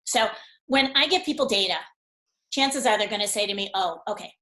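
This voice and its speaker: A woman guest on a webinar, explaining ideas through an animated story and acting out the dialogue as she goes. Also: fairly high pitch, a little fast, reverberant, poor audio. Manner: animated storyteller who acts out dialogue, with frequent laughs.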